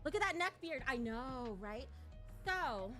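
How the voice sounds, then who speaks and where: A high-voiced woman streamer whose pitch swoops widely as she rants and mocks. Her tone is bright and sharp, full of profanity and taunts. She sounds slightly out of breath. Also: animated, unhurried, faint music behind. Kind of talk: casual livestream rant.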